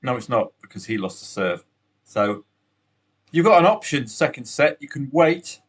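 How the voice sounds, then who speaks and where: A man's voice: medium pitch, very animated, moderate pace, slightly rough. A man hosting a solo betting podcast, chatty and upbeat, with asides to the listener.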